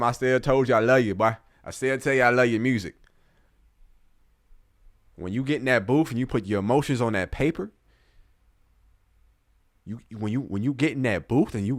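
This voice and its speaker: A man's voice: mid-range voice, fairly bright tone, no echo, clean studio sound. A man giving casual reaction commentary on an album as a YouTuber, slangy and earnest, often speaking straight to the artist.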